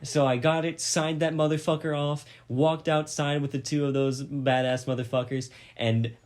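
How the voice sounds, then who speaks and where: A man hosting a podcast, casually retelling a mishap with lots of swearing and animated energy. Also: fairly high pitch, moderate pace. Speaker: podcast host. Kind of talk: casual storytelling.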